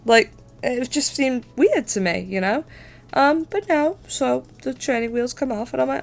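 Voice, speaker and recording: A woman's voice: sits high, lively intonation, unhurried, gravelly. A young adult woman streamer telling a story in casual chat, swearing freely and laughing as she talks. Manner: chatty, swears, laughs through her story.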